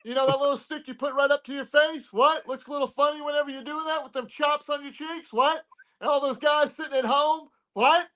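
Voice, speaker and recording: Loud cocky guy, really high voice, bright and punchy, keeps yelling what. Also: little pitch movement, fast, hardly any pauses, poor audio. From Texas. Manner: cocky, interjects "What?" again and again. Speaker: wrestling promotion owner, guest. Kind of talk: brash wrestling promo talk.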